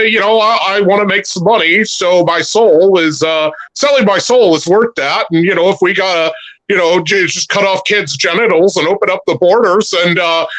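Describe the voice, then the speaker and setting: A male caller putting on a smug, preachy caricature of a woke streamer, sarcastic and halting with many uhs. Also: high voice, fairly bright tone, poor audio. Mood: mocking. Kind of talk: mocking impression on a livestream.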